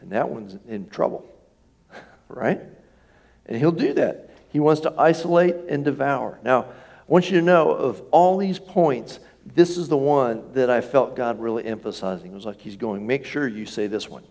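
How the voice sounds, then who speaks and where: A man preaching a sermon to his congregation in a relaxed, conversational way, often checking in with questions. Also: mid-range voice, moderate pace, creaky. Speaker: pastor. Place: church sanctuary.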